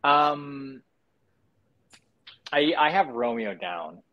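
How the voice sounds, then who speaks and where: A man's voice: fairly high pitch, very slow. Candid man chatting, slightly muffled sound. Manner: relaxed and candid, with frequent restarts and acted-out quotes. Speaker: actor, guest. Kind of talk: casual interview chat.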